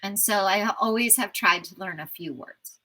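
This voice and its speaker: An enthusiastic woman from the United States in her fifties, chatting as an interview guest with a bright, forward tone. She tells travel stories in a lively, eager way. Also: medium pitch, normal speed, low-quality recording. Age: 50s. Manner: enthusiastic, animated storyteller. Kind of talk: casual storytelling interview.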